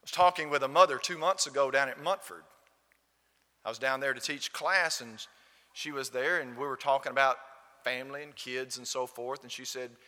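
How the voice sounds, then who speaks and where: A man's voice: mid-range voice, steady tone, normal speed, pushed and bright, in a large hall. A man preaching a sermon in a church, emphatic and full of rhetorical questions to the congregation. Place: church building.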